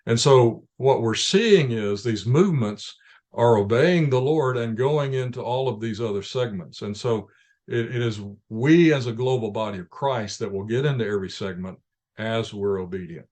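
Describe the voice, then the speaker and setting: A man's voice: medium pitch, normal speed, darkish tone. A man, a ministry leader, answering interview questions in an earnest, explanatory way with frequent restarts.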